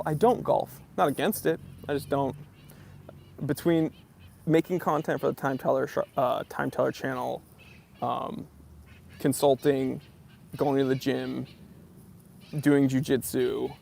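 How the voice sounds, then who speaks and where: A man's voice: mid-range voice, gravelly, a little mellow, a little hiss or hum. A young American man hosting a watch channel livestream, casually chatting and answering viewer comments in a laid-back, bro-ish way. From United States.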